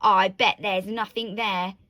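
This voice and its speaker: A woman voicing a gruff, scoffing father tyrannosaurus in a storybook reading. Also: on the high side, animated, measured pace, a bit bright, no echo.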